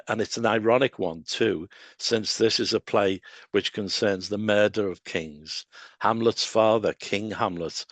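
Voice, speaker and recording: A man giving a public lecture, explaining in a measured way with pauses and fillers. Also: on the low side, no room sound.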